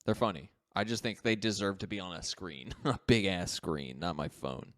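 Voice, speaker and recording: A man's voice: normal speed, no room sound, studio quality. Laughing, swearing man in casual chat. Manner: laughs often, acts out quotes with sudden high voice jumps, swears freely. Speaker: podcast co-host.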